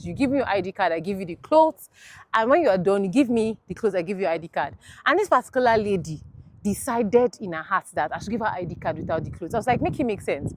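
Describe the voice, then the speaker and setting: A young woman telling a story in an animated, expressive way, her pitch rising and falling freely. A faint noise sits under the recording. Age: young adult. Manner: animated, swings between heated and apologetic. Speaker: platoon executive, interviewee. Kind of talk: casual storytelling.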